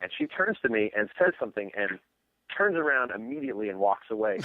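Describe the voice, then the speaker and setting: A man's voice: fairly low pitch, very animated, quick pace, no echo. A man guesting on a podcast, telling a long rambling story in a casual chat over a phone line.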